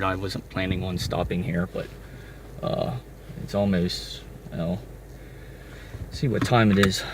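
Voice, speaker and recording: A man, a truck driver, chatting casually as he vlogs from the cab while driving, rambling and correcting himself as he goes. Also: on the low side. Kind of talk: casual driving vlog commentary. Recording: loud road and engine noise. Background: vehicle engine noise.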